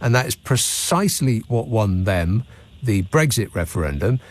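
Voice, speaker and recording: A man's voice: fairly low pitch, sing-song, normal speed. A man with a British accent hosting a phone-in radio show, talking in a wry, sardonic way from a studio mic. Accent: British English. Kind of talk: late-night call-in radio chat. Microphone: studio microphone.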